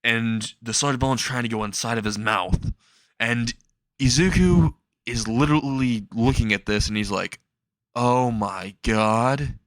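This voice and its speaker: A man's voice: medium pitch, normal speed, fairly bright tone, no room sound, clean studio sound. A young man casually narrating a comedic fan story, rambling and laughing at his own jokes.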